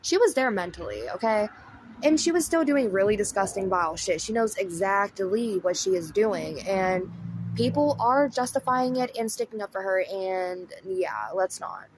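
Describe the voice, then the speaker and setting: A woman's voice: medium pitch, animated, normal speed, background noise. A woman with a Southern US accent giving blunt, chatty commentary, often addressing viewers as y'all. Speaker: commentary host. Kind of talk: casual commentary.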